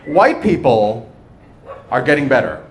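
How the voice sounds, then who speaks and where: Male stand-up comic, bouncy and very expressive pitch, noisy live club recording. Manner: animated, playful delivery with pauses for laughs. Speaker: stand-up comedian. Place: comedy club stage.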